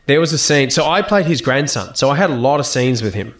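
This is an Australian man in a relaxed interview, spinning stories with plenty of energy and the odd swear word. His voice sits at an ordinary middle pitch, and he laughs freely as he talks. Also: fast talker. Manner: animated storyteller, laughs often, swears casually. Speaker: guest actor and musician. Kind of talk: casual interview chat.

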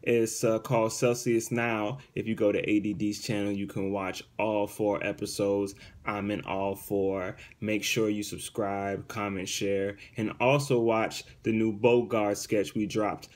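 A man's voice: on the low side, level tone, unhurried, hardly any pauses, darkish tone. A man casually telling fans about his new web series and channel. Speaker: comedian promoting a web series. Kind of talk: casual promo talk.

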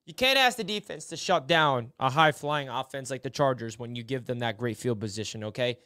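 A man hosting a casual football film breakdown, excitable, dropping to low mutters and then shouting in frustration or delight. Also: brisk, no echo, studio quality. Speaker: sports film breakdown host.

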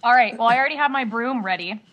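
A woman's voice: on the high side, fast, lo-fi sound. A woman playing a tabletop game, reacting and planning her turn in a playful, chatty way. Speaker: player. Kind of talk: casual tabletop play.

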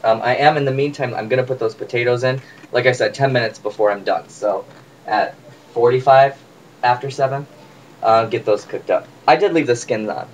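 A man's voice: medium pitch, normal speed. A man casually demonstrating a recipe in his home kitchen, chatty and joking with viewers. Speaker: home cook vlogger. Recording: distant mic with faint room noise.

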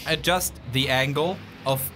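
A man's voice: mid-range voice, a little slow, over music. A man watching a friend play and teasing him with wisecracks. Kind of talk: let's-play commentary.

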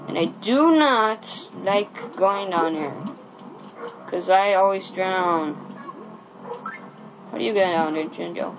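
Over background noise and game music, a young man with a high, creaky voice provides casual let's-play commentary. He's chatty and rambling, repeating himself, restarting often, and cursing mildly whenever things go wrong.

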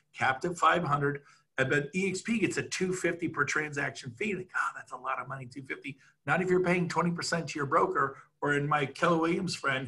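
Middle-aged man, punchy and bright, a little husky, rambling excitable pitch on a video call. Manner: excitable, rambling, laughs at himself. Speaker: real estate team leader.

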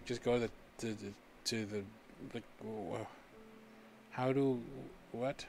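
A man's voice: lowish voice, fairly even intonation, takes it slowly, darkish tone, soft background music. A man giving goofy, chatty let's-play commentary, self-deprecating and often dropping to a mutter. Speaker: gaming YouTuber.

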